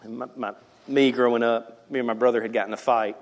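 A Southern man in his forties, a pastor, preaches a sermon in a church sanctuary, telling a family story with laughter and acted-out voices. His mid-range voice is steady and quick, and the recording has a big-room sound.

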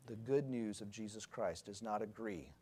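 A man's voice: lowish voice, moderate pace, warm tone, a little hiss or hum. A man teaching an adult Sunday school class in a conversational way, asking the group questions and correcting himself as he goes.

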